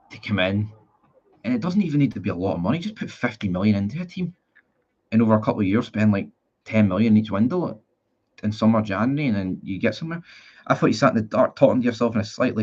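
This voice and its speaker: A man's voice: on the low side, breathy edge. A man in his twenties with a Northern Irish accent, chatting casually on a live stream and reading out viewer comments in a blunt, rambling way with casual swearing. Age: 20s. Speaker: football fan streamer. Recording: dull lo-fi sound.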